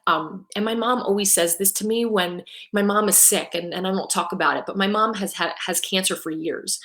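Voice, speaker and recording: A woman's voice: mid-range voice, fairly bright tone. Woman, middle-aged, live-stream coach, upbeat, keeps asking "right?", emotional at times. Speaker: salon business coach. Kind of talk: live-streamed motivational talk.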